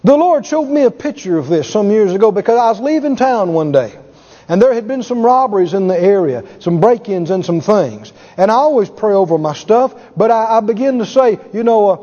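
A man preaching a sermon with emphatic delivery, acting out quoted voices and rising to shouts. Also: high-pitched, lively intonation, moderate pace. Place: large church hall. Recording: lo-fi hall recording with audience. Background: congregation.

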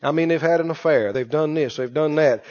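Emphatic high-voiced male preacher. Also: fairly quick, darkish tone. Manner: emphatic, with call-and-response questions to the congregation. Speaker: pastor. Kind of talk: sermon. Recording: dull echoey church recording.

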